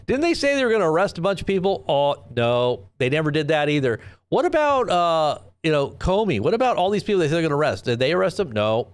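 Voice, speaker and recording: A man's voice: a little high, sing-song, quick pace, hardly any pauses, smooth. A man hosting a live commentary stream, talking in a rambling, sarcastic way with frequent restarts and rhetorical questions. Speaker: host of a live news commentary channel.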